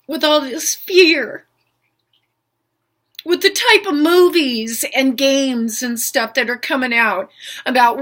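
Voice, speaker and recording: An older woman, emotional, speaks as a spiritual healer in an unscripted, heartfelt monologue, earnest and pleading and repeating her questions. Her voice sits high and is a bit bright.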